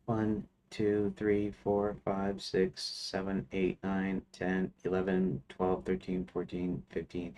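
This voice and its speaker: Streaming his game development work, a man with a lowish, somewhat mellow voice thinks aloud as he goes. He restarts sentences and counts under his breath in this casual work-along commentary.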